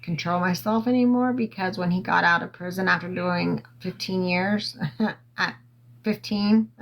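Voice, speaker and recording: Slow, rambling woman livestreaming on her phone. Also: on the low side, steady tone, poor audio. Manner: rambling, halting with many fillers, profane. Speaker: livestream host. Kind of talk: casual livestream storytelling.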